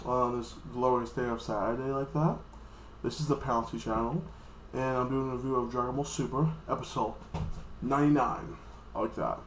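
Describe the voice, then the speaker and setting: A man's voice: mid-range voice, fairly even intonation, echoey room, a little hiss or hum. A man casually recapping an anime episode in a loose, rambling way, often acting out the characters' lines. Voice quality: acts out characters' lines in quick voices. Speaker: anime reviewer.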